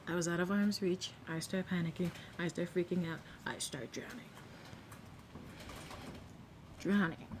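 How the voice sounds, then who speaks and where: A young woman vlogger telling a story in a casual, animated way, sometimes dropping to a whisper. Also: on the low side, a little hiss or hum. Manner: animated, acts out quotes, drops to a whisper at times.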